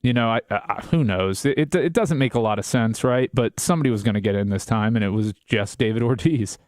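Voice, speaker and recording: A man's voice: medium pitch, fairly quick, a little mellow, no echo, clean studio sound. A man co-hosting a casual sports talk show, opinionated and blunt, swearing casually. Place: radio studio.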